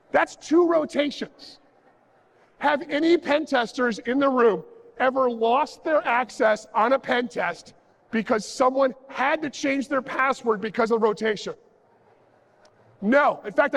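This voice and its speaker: A conference speaker with an extremely high, creaky voice delivers a sarcastic, joking talk on stage. He acts out small dialogues as he goes, and the large hall adds plenty of reverb.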